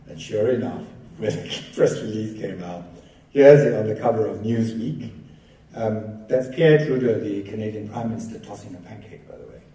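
Man, keynote lecturer, low mellow voice, anecdotal and wry, echoey hall, distant mic. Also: moderate pace, a little hiss or hum. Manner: conversational, lightly humorous storytelling. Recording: echoey hall, picked up from afar.

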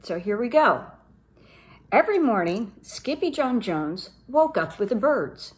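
A middle-aged woman reading a children's picture book aloud, expressive as she talks to children. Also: a little high, a little slow. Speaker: reader for a girls' program.

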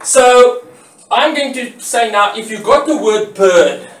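A man's voice: extremely high pitch, slow pace. A man teaching graphic design in a classroom lecture, explaining step by step, repeating key words and asking questions he then answers himself. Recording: roomy echo, voice from far off the mic.

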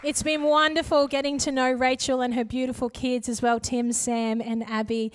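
A woman's voice: sits high, little pitch movement, normal speed, clean tone, a faint crowd. A woman leading a church service, cheerfully welcoming a baptism candidate up to speak. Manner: warm, encouraging. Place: church sanctuary.

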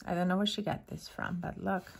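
A woman hosting her own craft channel, casually unboxing a gift and gushing over each item with soft, admiring remarks and frequent fillers. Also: on the low side, flat delivery, a little fast, gravelly, husky.

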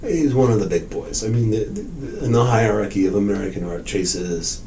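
A man's voice: lowish voice, normal speed, a little hiss or hum, low-quality recording. An older man, an art dealer, telling stories in an oral history interview, acting out quoted lines and swearing freely. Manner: animated storyteller, acts out quotes, swears.

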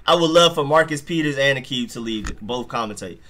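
A man's voice: medium pitch, expressive, a little fast, pushed and bright. A young man hosting a live football stream, chatting casually in slang and reacting to plays and chat messages. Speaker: sports live-stream host.

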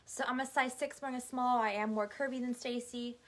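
A woman's voice: fairly high pitch, fairly even intonation, a little fast, a bit bright. Friendly woman explaining fit. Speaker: shop worker modeling clothes. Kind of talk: casual live-sale chat.

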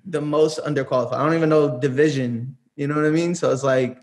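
A man's voice: fairly high pitch, fairly even intonation, quick pace, darkish tone. A young man, a music producer, chatting casually as an interview guest, rambling with lots of fillers and easy laughs. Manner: laid-back, rambling, laughs often, many "like"s.

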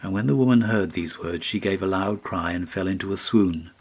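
Low-voiced male storyteller. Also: husky. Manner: measured, storytelling. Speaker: audiobook narrator. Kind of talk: scripted narration of a fairy tale.

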